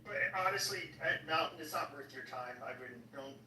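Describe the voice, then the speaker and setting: Blunt, crude, high-voiced man. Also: brisk, pushed and bright. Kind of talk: casual chat. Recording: echoey, distant, faint noise.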